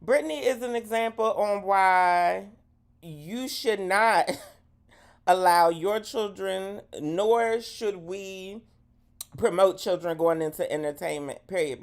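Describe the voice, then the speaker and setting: Sassy low-voiced woman host. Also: unhurried. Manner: sassy, profane, dramatic; swoops into high exclamations. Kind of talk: live gossip commentary.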